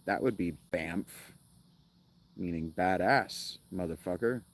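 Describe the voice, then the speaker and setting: A man's voice: sits low, takes it slowly. Rambling, joking gaming streamer man. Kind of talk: casual gameplay commentary.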